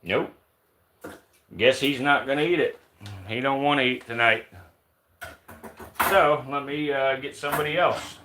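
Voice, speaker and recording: A man's voice: measured pace, long pauses, bright, forceful tone. Casual man murmuring to his snakes. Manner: coaxing the animals in low murmurs, then explaining to viewers. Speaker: reptile keeper streaming live. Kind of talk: casual live-stream talk while feeding snakes. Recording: roomy echo, faint background noise.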